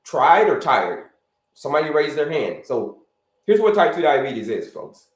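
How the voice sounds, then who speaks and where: Hosting a live health broadcast, this man speaks in a slightly high, sing-song voice at an ordinary pace. He keeps repeating himself, addresses viewers as "folks," and urges them to type responses in the chat. The recording is reverberant and low quality.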